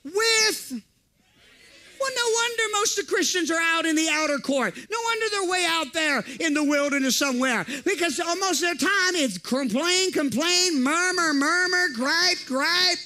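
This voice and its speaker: A man preaching with a high, bright voice that cuts through the room. He drives his points home with repetition and calls on the congregation to answer back. His delivery is fervent and insistent. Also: animated, moderate pace. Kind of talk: sermon.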